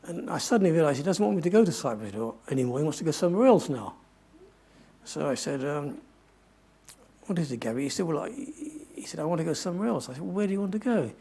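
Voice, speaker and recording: Speaking to an audience, an older man rambles through a long adventure tale, frequently correcting himself. His voice is on the high side, fast and animated, with a gravelly, slightly rough yet warm tone.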